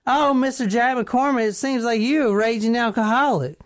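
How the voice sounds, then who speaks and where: A woman's voice: fairly high pitch, extremely slow, fairly bright tone. A woman voicing a condescending small-town cop in a drawling rural put-on accent.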